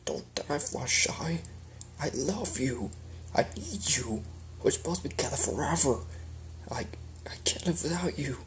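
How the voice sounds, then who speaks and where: A man's voice: medium pitch, animated, moderate pace, slight background noise, pitched above the performer's own voice, natural voice, rough recording. A man voicing a grieving male chaos spirit who pleads desperately and breaks into strained whispers. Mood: pleading grief.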